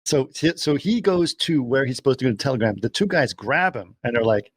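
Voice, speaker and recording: A man's voice: medium pitch, expressive, brisk, breathy edge, no room sound. A man co-hosting a podcast, retelling a film plot in a rambling way with many restarts. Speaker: podcast co-host. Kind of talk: casual chat.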